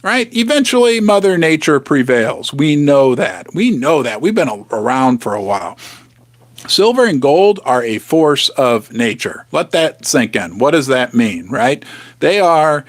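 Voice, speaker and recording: Animated man hosting a live stream. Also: mid-range voice, a little slow, no room sound. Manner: animated, chatty, teasing, drops to whispers for effect. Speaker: host of a precious-metals live stream. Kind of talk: casual live-stream commentary. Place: home basement studio.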